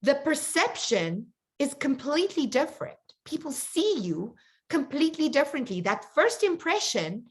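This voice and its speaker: A woman coach telling a personal story to her group in a chatty, animated way. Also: high voice, normal speed. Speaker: confidence coach. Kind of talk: storytelling in an online coaching session.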